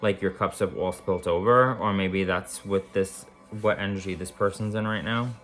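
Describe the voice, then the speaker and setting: A man with a lowish voice gives a casual tarot reading straight to camera. He rambles and repeats himself, stacking up warm, affirming words. Faint music plays underneath. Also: steady tone, normal speed. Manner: rambling, repetitive, warmly affirming. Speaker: tarot reader.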